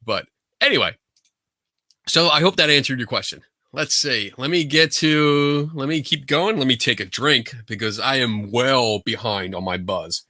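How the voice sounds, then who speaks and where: A man hosting a podcast, telling a story in a casual, animated, rambling way from a home setup. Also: mid-range voice, moderate pace, no room sound, studio quality. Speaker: podcast host. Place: home setup for a virtual show.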